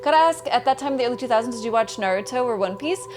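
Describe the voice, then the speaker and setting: A young adult woman streams a game, talking very fast in a slightly high, animated voice over background noise. In casual live-stream chat, she greets and thanks viewers by name and reads their messages aloud.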